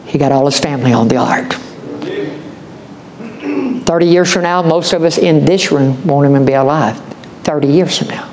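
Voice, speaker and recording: A man's voice: a little high, moderate pace, long pauses, a little mellow, low-quality recording. A man preaching a sermon as pastor, impassioned, folksy and repetitive.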